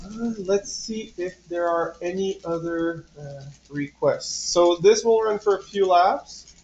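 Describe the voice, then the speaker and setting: A man's voice: high voice, slow pace, darkish tone, a little hiss or hum. French Canadian man on a lo-fi stream. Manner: rambling, many fillers and restarts. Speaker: livestream host. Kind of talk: casual livestream chat.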